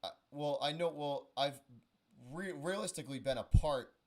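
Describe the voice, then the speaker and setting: A man's voice: fairly high pitch, normal speed. Casual young man hosting a stream. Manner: casual, profane, storytelling with many restarts. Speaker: stream host. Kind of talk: casual chat on a charity stream.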